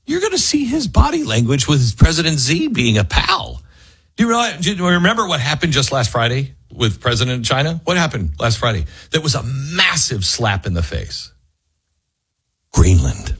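Husky, animated talk radio host man. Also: medium pitch, normal speed, dry recording. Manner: emphatic, animated, argumentative. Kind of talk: opinionated political talk radio commentary. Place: radio studio.

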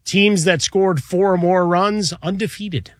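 Teasing, high-voiced radio co-host. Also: male voice, steady tone, measured pace, dry recording, studio quality. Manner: teasing, argumentative. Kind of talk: sports talk radio.

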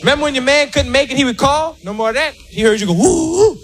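A man doing a stand-up routine on stage before a live audience, loud and animated, shouting his punchlines. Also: extremely high pitch, very fast. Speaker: stand-up comedian.

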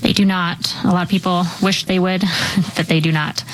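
A woman's voice: on the low side, little pitch movement, normal speed, slight background noise, low-quality recording. A woman, a financial advisor guest on a talk show, explaining things in a friendly, plain way. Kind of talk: casual talk show chat.

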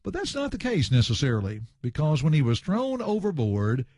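A man's voice: fairly high pitch, fairly quick, no room sound. Guy preaching a sermon, voice swings up and down a lot, keeps hammering the same lines, really dry sound. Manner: animated, emphatic, repeats refrains; addresses listeners as friends. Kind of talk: expository sermon on scripture.

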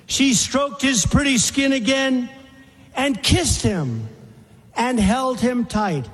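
Man reciting, very slow, deliberate pauses, echoing large hall. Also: very high-pitched, lively intonation. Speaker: speaker reciting a poem.

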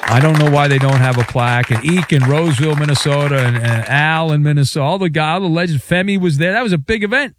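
A man's voice: fairly high pitch, quick pace, hardly any pauses, background noise. A male radio host bantering playfully with callers on a joking sports talk show.

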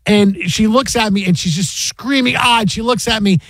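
A man with a high voice hosts sports talk radio. He tells stories with energy and throws his voice up to act out quotes. The sound is close and dry. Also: moderate pace, no echo. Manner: animated storyteller, acts out quotes in a high voice.

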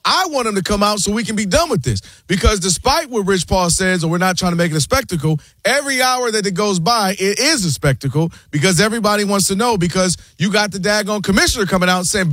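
A man hosting a sports debate show, talking in an animated, argumentative way. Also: sits high, quick pace, few pauses, dry recording. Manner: animated, argumentative, quotes people in put-on voices. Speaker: sports talk show host.

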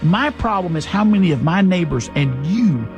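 A man hosting a radio talk show, delivering an opinionated monologue with sarcastic asides that swing between loud and soft. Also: high voice, lively intonation, moderate pace, lo-fi sound, faint music behind.

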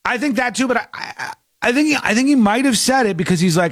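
Host, male, lively pitch, slightly high, dry studio sound, playful mimicry. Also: a little fast, no echo. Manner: animated, laughing, mimics voices in mocking quotes. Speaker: radio show host. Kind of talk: casual on-air commentary.

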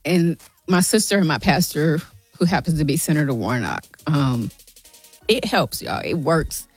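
A woman's voice: sits low, lively intonation, normal speed, slightly rough, soft background music. A middle-aged woman speaking earnestly as a guest on a radio show, pleading with listeners and calling them y'all. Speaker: guest, mental health advocate. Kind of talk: emotional radio interview. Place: radio studio. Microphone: studio mic.

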